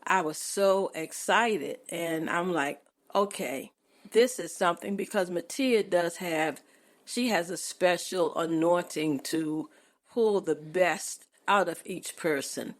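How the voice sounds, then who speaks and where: A woman's voice: lowish voice, takes it slowly. A woman in her eighties, a guest on a podcast, chatting casually with frequent laughs and churchy turns of phrase. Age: 80s. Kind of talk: casual chat.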